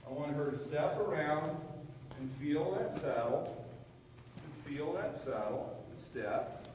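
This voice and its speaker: Calm horse trainer in an echoey arena. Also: male voice, fairly high pitch. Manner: calm, explains to viewers while soothing the horse. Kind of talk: training demonstration with commentary. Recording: echoey, distant from the mic, with faint noise.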